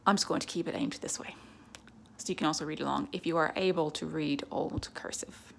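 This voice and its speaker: A woman reading her own childhood story aloud in a put-on Irish accent, chatty and self-deprecating, with soft whispered asides, at home with her cat. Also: low-pitched, steady tone, fairly quick, vocal fry, a little hiss or hum.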